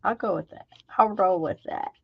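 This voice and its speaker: A woman's voice: medium pitch, normal speed, vocal fry, slightly rough, no room sound, dull audio. A woman, chatting casually to her viewers while she crafts and talking to herself as she works. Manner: chatty, talks to herself while working, drops into whispers. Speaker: craft video host. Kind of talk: casual crafting vlog chat.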